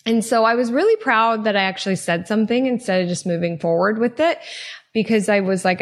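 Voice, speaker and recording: A woman's voice: medium pitch, a little fast. A woman hosting a casual solo podcast, telling stories in a chatty way, full of "like" and laughing at herself. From not from California. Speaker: podcast host.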